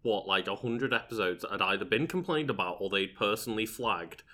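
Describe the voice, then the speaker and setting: A man co-hosting a podcast, chatting casually in a loose, hesitant way and swearing freely. His voice sits low but sounds bright and forceful. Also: a little fast. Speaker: podcast co-host. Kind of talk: casual chat.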